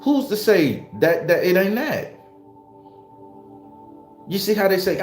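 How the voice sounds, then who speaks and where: A man's voice: sits high, very animated, slow pace, long pauses. A man giving a fired-up spiritual talk straight to the camera, swearing freely and firing off rhetorical questions like a preacher. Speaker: spiritualist YouTuber. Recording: echoey room with faint music.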